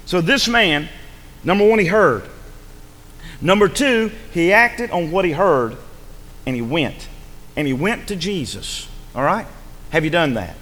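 A man's voice: a little high, lively intonation, a little slow, long pauses, a bit bright, in a large hall. A male pastor preaching a sermon in a church, urgent and rhetorical, pressing his listeners with repeated questions. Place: church sanctuary.

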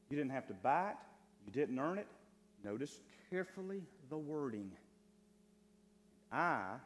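A male pastor preaching a sermon with fervor, swinging between loud, stretched lines and hushed asides. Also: medium pitch. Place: church sanctuary. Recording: long hall reverb, faint hum.

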